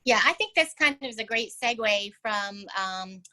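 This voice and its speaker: A woman's voice: on the high side, animated, moderate pace, pushed and bright, rough recording. A woman speaking conversationally on a panel over a video call, with many filler phrases. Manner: conversational, many you-knows. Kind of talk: panel chat.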